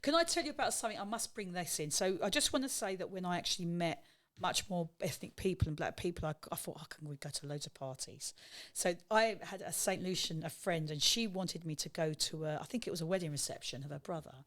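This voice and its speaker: A woman's voice: fairly low pitch, quick pace, a bit bright. A woman in her sixties, a podcast guest, chatting casually, asking probing questions and telling anecdotes. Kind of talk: casual chat.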